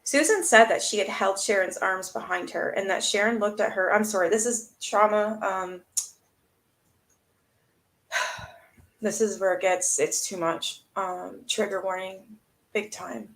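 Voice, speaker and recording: A woman's voice: medium pitch, steady tone, a little slow, long pauses, fairly bright tone. Woman, stream host, reading aloud, blunt reactions, swears freely. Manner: blunt, swears freely, greets chat viewers. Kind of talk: live stream reading a book aloud with commentary.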